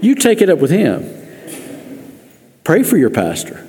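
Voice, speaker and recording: Male pastor, earnest sermon with wry asides, warm tone, reverberant church. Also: fairly high pitch, wildly swooping pitch, measured pace. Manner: earnest, with dry joking asides. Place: church sanctuary. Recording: long reverb of a church hall.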